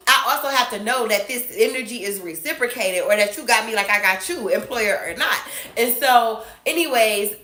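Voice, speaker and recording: A woman talks to the camera in a loose, chatty storytime. Her voice is bright and a little higher than most, and she quotes each side of the argument with lively energy. The room around her sounds echoey. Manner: animated, acts out both sides of the argument. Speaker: vlogger telling a work story.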